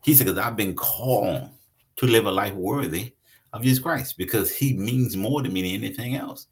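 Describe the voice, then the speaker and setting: A man preaching a sermon in a conversational way, reading scripture aloud and explaining it to his congregation. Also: normal speed. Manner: conversational preaching with lively swings in pitch. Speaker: pastor.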